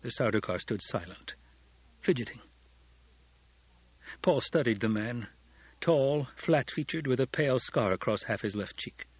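A man narrating a novel as an audiobook, in steady storytelling. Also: medium pitch, measured pace, pauses often, slightly rough, dry recording. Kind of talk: scripted narration. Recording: dull lo-fi audiobook recording.

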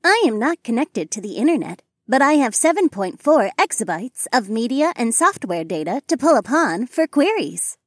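A man's voice: extremely high pitch, big pitch swings, moderate pace, few pauses, no echo, studio quality, voice pushed up, full character voice. A man voicing a polite female AI assistant in an audiobook, speaking formally and addressing the listener by full name. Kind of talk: audiobook narration.

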